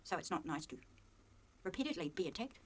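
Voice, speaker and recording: A woman with a New Zealand accent speaking in an impassioned, accusatory monologue to camera. She swings from low muttering to loud, heated outbursts. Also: big pitch swings, a little fast, breathy edge. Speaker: vlogger.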